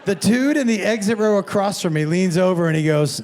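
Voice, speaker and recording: A stand-up comedian, a man with a high voice whose pitch leaps all over as he spins a story on stage. He is animated and profane, acts out the other people in his tale, and breaks into sudden shouts into a handheld mic. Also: a little fast. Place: comedy stage before a live audience.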